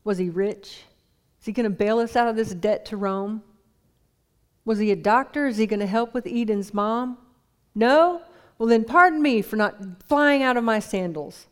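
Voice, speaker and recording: A woman's voice: medium pitch, steady tone, normal speed, a little mellow, natural voice. A woman voicing a frustrated, weary male fisherman who talks in a sarcastic, dismissive way, as a quoted figure in a sermon.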